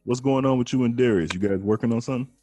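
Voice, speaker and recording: A man hosting an interview, asking questions casually like an excited fan. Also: medium pitch, soft background music. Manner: enthusiastic fan, quick questions. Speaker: podcast host.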